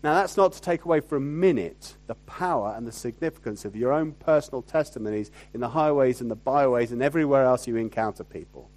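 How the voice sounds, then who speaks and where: A man preaching a sermon in a conversational way, often asking rhetorical tag questions and swinging from loud emphasis to quiet asides. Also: mid-range voice, quick pace, hardly any pauses. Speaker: pastor.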